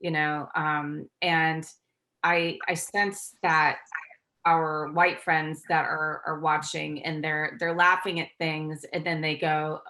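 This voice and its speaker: A woman's voice: sits low, flat delivery, slow, bright, forceful tone. A woman actress speaking earnestly on a video call, reflecting with frequent restarts. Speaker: actress, guest. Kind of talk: casual interview over video call.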